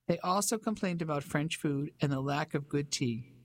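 An audiobook narrator reading a novel in an even, measured storytelling manner. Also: medium pitch. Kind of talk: scripted narration.

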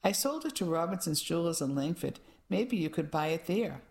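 A woman's voice: on the low side, animated, fairly quick, vocal fry, darkish tone. A woman reading an audiobook, voicing a short, tattooed man working as a salesman. He talks in a chummy sales patter. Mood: eager.

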